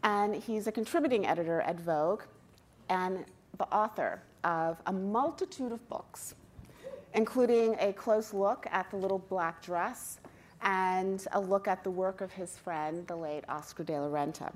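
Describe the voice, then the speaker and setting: A woman interviewing a guest on stage, speaking in a measured, polite way with small hesitations. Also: medium pitch, a little hiss or hum.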